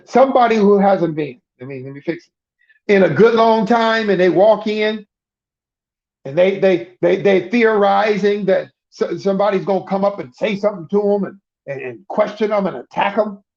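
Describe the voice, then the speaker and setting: Emphatic middle-aged preacher with a high voice; repeats and restarts in sermon chat, dull lo-fi sound. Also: male voice, normal speed, gravelly, a little mellow. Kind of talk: conversational sermon.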